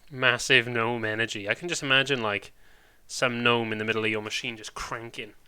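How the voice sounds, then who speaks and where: A man's voice: medium pitch, fairly even intonation, a little fast, pushed and bright, smooth. A man with a Welsh accent, chatting casually and rambling on a live stream, full of British slang.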